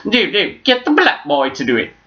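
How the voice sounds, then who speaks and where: A man doing a falsetto impression of a lusty old queen, with breathy giggles. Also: huge pitch swings, normal speed, bright, forceful tone, highs cut off, full character voice. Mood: giggly, bawdy.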